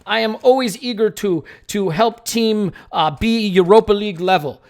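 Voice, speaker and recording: A man putting on the voice of a male footballer who speaks halting, broken English. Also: high-pitched. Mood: earnest. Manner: halting, clipped non-native phrasing.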